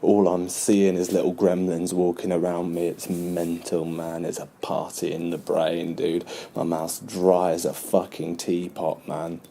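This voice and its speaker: A man's voice: sits low, monotone, a little slow, vocal fry, few pauses, warm tone, slight background noise. A young man tells a mock anti-drug confession in a slangy, laddish way, swearing often. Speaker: comedy sketch performer.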